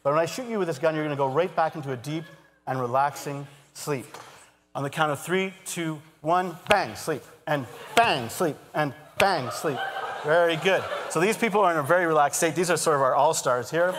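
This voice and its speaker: A man giving a live stage talk as a hypnotist, moving between calm trance suggestions and lively explaining to an audience. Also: on the high side, moderate pace, noisy background. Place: large auditorium stage. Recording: long hall reverb.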